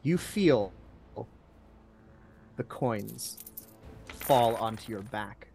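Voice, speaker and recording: A man narrating a tabletop game as game master in a hushed, suspenseful way. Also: on the low side, lively intonation, very slow, gravelly, faint music behind.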